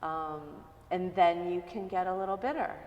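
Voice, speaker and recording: A woman guest in a casual interview, earnest and animated when telling stories. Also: fairly low pitch, moderate pace, in a large hall, lo-fi sound.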